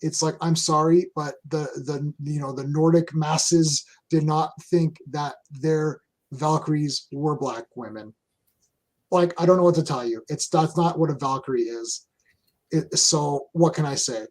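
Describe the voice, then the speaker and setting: A Canadian man hosting a casual chat, rambling through animated opinions with many restarts. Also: fairly high pitch, a little slow. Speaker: host.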